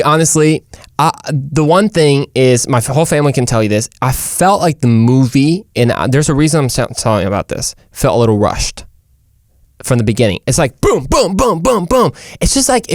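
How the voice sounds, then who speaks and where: Male host, casual opinion monologue, animated and slangy, mid-pitched voice, dry close mic. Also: no echo. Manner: animated, rambling, slangy, puts on mock British voices. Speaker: show host.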